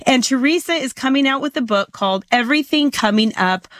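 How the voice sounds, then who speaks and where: A woman hosts an interview show with a bright, clear voice, recorded close with no room sound. She introduces her guest with enthusiasm and asks her questions warmly. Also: high-pitched, animated, a little fast, dry recording. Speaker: talk show host. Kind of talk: interview hosting.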